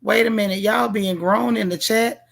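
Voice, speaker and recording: This woman speaks at a medium pitch and moderate pace, with a steady tone and a creaky texture. She's hosting a casual livestream, reading comments and giving a TV show a sassy, playful review directly to her viewers.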